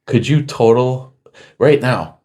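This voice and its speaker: A middle-aged man hosting a casual chat show, rambling through stories and loudly acting out what people said. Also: medium pitch, slow. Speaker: podcast host.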